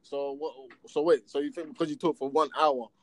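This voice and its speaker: A man rants in a casual chat, firing off rhetorical questions in street slang. His voice sits high and lively. The sound is dry and close. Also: a little fast, dry recording. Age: adult with children.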